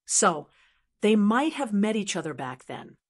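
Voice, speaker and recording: A woman's voice: medium pitch, very animated, unhurried, breathy edge. A woman reading a flustered young male commander. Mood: wry. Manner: hesitant, stammering.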